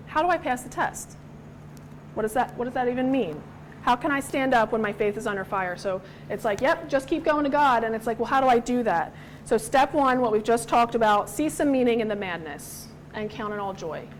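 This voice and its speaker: A woman's voice: fairly high pitch, a little hiss or hum, low-quality recording. A woman in her thirties teaching a Bible study, earnest and personal, sometimes acting out the voices she quotes.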